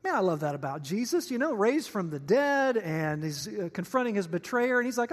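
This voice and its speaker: A man's voice: high voice, big pitch swings, fairly quick, hardly any pauses. A male pastor preaching a sermon in a chatty, joking way, often putting questions to his listeners. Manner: conversational and joking, asks the audience questions. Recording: long reverb of a large hall.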